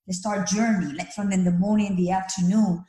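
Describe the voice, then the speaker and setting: Earnest woman, mellow voice, roomy sound. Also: medium pitch, steady tone, a little fast. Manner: earnest storyteller, non-native English phrasing. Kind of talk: casual conversation.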